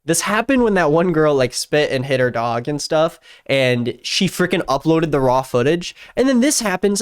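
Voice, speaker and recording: A man's voice: a little high, sing-song, moderate pace, few pauses, smooth. A young man giving reaction commentary as a YouTube commentator, sarcastic and incredulous.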